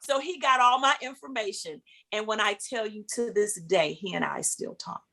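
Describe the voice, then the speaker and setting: A middle-aged woman, a singer, relating a story as an interview guest. Her telling is animated: she acts out each person she quotes and leaps up in pitch for the excited moments. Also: normal speed, vocal fry.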